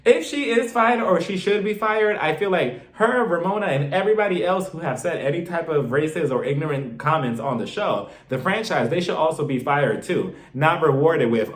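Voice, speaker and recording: A man's voice: a little high, animated, a little fast, few pauses. A man chatting casually and gossipily to his viewers, recapping an episode and calling them y'all. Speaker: reality TV recap vlogger. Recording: echoey room.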